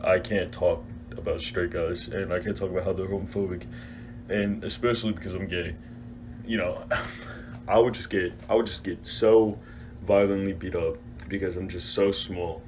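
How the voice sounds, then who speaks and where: A man talking to camera at home in a sarcastic, deadpan bragging way. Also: deep voice, moderate pace, background noise. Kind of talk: casual social media video.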